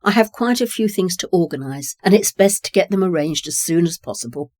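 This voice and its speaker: A reader voicing a kindly, reassuring farmer. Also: male voice, sits high, lively intonation, a little fast, no room sound, clean studio sound. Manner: warm, reassuring and generous. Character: kindly grown man, a farmer, generous and reassuring. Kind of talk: reading dialogue in a short story.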